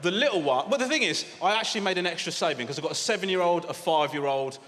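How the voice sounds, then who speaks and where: A man, doing a deadpan, mock-grumpy stand-up routine on a theatre stage, acting out other voices. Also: sits high, fast. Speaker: stand-up comedian. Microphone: handheld stage mic. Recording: live theatre with long reverb, loud audience noise.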